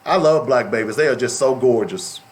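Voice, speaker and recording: A man's voice: medium pitch, moderate pace. A middle-aged man hosting a talk radio show, speaking in an emphatic, preachy way and repeating phrases for stress.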